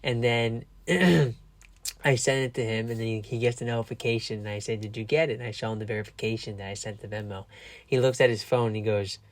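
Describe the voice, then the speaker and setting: A man's voice: lowish voice, fairly even intonation, fairly quick, no room sound. A man casually telling a rambling story to his viewers, a little tired, with frequent restarts. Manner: rambling, chatty, with restarts and laughs. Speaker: vlogger.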